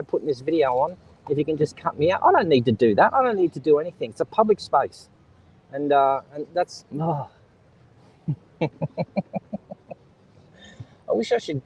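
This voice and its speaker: Husky Australian man ranting on a live stream. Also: on the high side, darkish tone, poor audio. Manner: opinionated, talks straight to viewers and reads out chat. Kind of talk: casual live-stream commentary. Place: outdoors on a beach.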